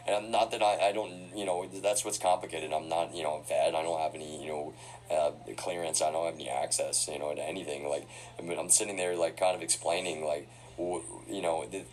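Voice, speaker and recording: A man's voice: sits low, a little hiss or hum, poor audio. A man talking through a live stream in a rambling way, full of fillers and restarts. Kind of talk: casual live-stream monologue.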